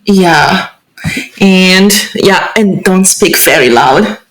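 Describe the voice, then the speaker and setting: A woman's voice: fairly low pitch, very slow, a bit bright. A woman hosting a casual conversation, speaking hesitantly with many fillers. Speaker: host. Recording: echoey room.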